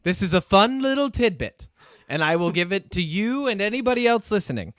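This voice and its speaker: Animated, high-voiced male podcaster. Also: a little fast, no echo, clean studio sound. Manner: animated storyteller, laughs often, acts out quotes. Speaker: podcast co-host. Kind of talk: casual chat.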